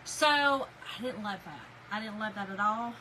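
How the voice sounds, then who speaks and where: A woman's voice: mid-range voice, measured pace, noisy background. A woman, animatedly telling a story to her viewers while she crafts. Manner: animated, chatty, addresses viewers as y'all. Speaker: crafting livestream host.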